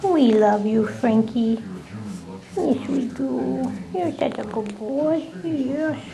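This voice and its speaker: Pet owner at home, doting and coaxing. Woman, high voice, very slow unhurried delivery. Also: vocal fry, crowd noise. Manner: doting, coaxing baby talk. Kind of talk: talking to her pet bird while filming. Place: home, indoors.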